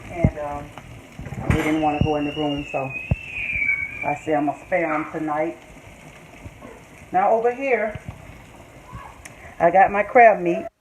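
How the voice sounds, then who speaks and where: Older woman, lowish voice, chatty cooking talk, sizzling pan behind her. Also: fairly even intonation, unhurried, pauses often. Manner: chatty, talks straight to viewers as y'all. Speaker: cooking vlogger. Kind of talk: casual cooking tutorial. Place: home kitchen. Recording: home kitchen with loud frying noise. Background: sizzling pan and stirring.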